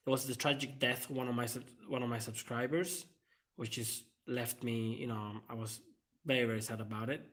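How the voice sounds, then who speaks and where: Man, channel host, casual rambling live-stream chat, many fillers and laughs. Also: mid-range voice. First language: Italian.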